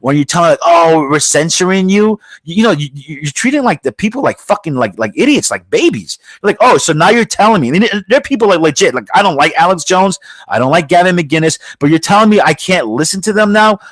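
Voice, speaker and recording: A man with a fairly high voice rants heatedly as host of his own podcast. He swears constantly and keeps circling back with restarts and filler. The sound is dry and close, with almost no room around him. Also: very animated, quick pace, hardly any pauses, fairly bright tone, husky, no room sound. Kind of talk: profane political rant.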